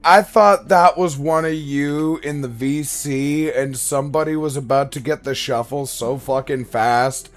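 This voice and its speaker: A man streaming a game and trading crude, deadpan jokes in casual banter. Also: on the high side, unhurried, few pauses, faint music behind. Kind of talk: casual banter while gaming.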